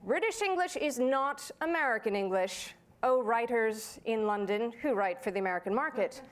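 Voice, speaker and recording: A woman voice actor giving a lively, playful talk on a conference panel. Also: fairly high pitch, moderate pace. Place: conference hall.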